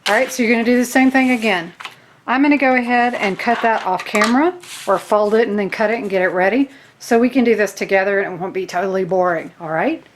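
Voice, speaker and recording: This crafting video host, a woman with a Southern US accent, speaks fast in a mid-range voice, with a bit of hiss or hum in the recording. She chats casually and self-deprecatingly to viewers while doing her craft.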